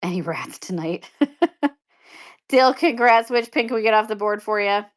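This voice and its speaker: A woman's voice: medium pitch, lively intonation, measured pace. A woman hosting a live-stream pin auction, chatting casually and upbeat with viewers and laughing often. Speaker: live shopping seller.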